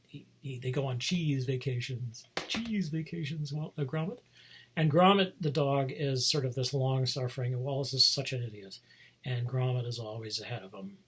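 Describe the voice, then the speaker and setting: A vlog host rambles through a casual monologue with a very breathy, husky voice. The pitch sits mid-range, and the talk wanders with restarts and chuckles. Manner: meandering, many fillers and restarts, chuckles often.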